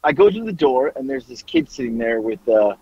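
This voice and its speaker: A man in his forties telling a story on a podcast, loud and profane, with lots of cursing. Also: mid-range voice, big pitch swings, a little fast, husky, no echo, muffled recording. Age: 40s. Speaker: podcast co-host. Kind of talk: casual storytelling chat.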